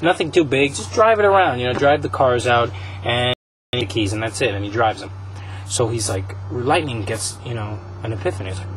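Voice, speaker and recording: A man hosting a casual podcast, rambling through a story pitch with many fillers. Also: expressive, moderate pace, a bit bright, slight background noise, rough recording. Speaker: podcast host.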